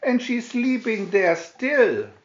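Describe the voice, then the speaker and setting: A man voicing a small baby bear in a high wee voice for a storybook. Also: very animated, slow pace, echoey room, dull audio, exaggerated voice. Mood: alarmed.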